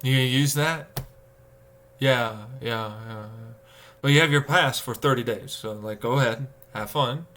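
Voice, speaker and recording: Bright-voiced ranting male streamer. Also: mid-range voice, unhurried. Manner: animated, profane, ranting, acting out exasperated inner voices. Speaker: livestreamer. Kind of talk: casual rant to stream chat.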